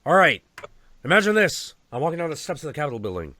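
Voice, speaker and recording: A man's voice: on the high side, sing-song, fast, sharp tone, a little hiss or hum, pitched above the performer's own voice. A man putting on a brash, profane wild writer while telling a story over a video call. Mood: ranting. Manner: brash and cursing. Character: profane, wild-talking male writer impression.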